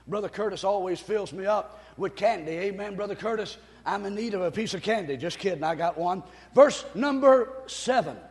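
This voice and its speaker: An older man preaching a sermon with exuberant energy, whooping, laughing and shouting at the peaks. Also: high-pitched, in a large hall. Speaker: pastor.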